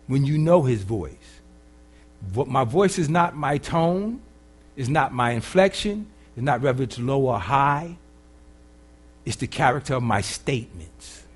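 A man preaching as a pastor, swinging from loud emphatic lines to quiet, casual, humorous asides. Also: mid-range voice, expressive, unhurried, husky. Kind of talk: sermon.

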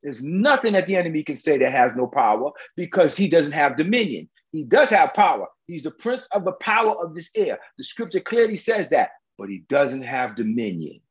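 A male preacher drives home his sermon in a fairly high, animated voice that leaps around in pitch. He talks in an everyday way, emphatic and full of questions to his listeners. The recording sounds dull and lo-fi. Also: moderate pace, hardly any pauses. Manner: emphatic, colloquial, rhetorical questions to the congregation.

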